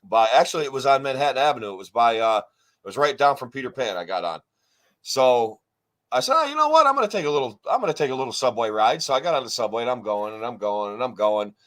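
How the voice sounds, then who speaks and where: Male co-host, loose rambling storyteller, curses freely, average pitch. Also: fast talker. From New York State. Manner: rambling, profane, animated retelling. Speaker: podcast co-host. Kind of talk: casual storytelling chat.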